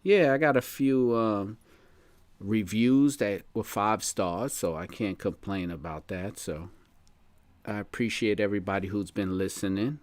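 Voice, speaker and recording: A man's voice: lowish voice, unhurried, no echo. A man hosting a casual live podcast chat, laid-back and slangy, laughing often. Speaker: podcast host.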